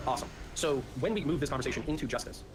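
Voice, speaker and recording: A man's voice: medium pitch, rapid-fire, over a noisy crowd. A man arguing in an online debate, combative, profane and sarcastic. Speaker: debate participant. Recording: noisy background.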